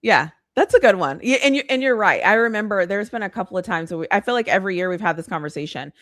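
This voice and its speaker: A woman's voice: medium pitch, animated, fast, a bit bright, no room sound, studio quality. A woman hosting a casual podcast interview, asking questions and laughing along. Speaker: podcast host.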